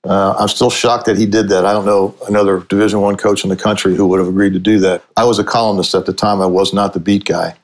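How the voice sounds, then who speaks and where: A man's voice: deep voice, fast talker, few pauses. Chuckling older man telling stories. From Cincinnati, USA. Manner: chuckling, animated storyteller. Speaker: sportswriter guest. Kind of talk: casual anecdotal storytelling.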